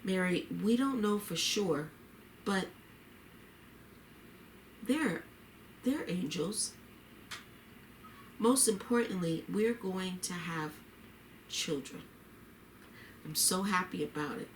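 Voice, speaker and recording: Tender devout wife voiced by a woman, heartfelt, unhurried, faint room hum. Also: lowish voice, animated. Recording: roomy echo.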